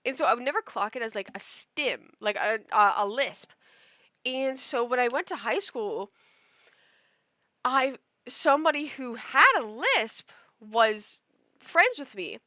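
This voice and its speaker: A woman's voice: a little high, lively intonation, a little slow, pushed and bright, dry recording, clean studio sound. A young adult woman live streaming a game, chatting casually and telling a rambling story full of "like" fillers into a desk mic. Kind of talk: casual stream chat while gaming.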